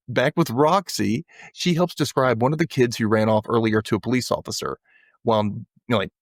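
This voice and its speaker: Male podcast host, middle pitch, lively recap chat, dry close-mic sound. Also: normal speed, dry recording. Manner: animated retelling, acts out characters' lines.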